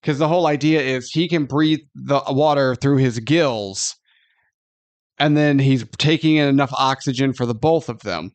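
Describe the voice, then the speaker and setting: A man's voice: mid-range voice, moderate pace, no echo. A man co-hosting a film review podcast, ranting incredulously in casual, profane chat.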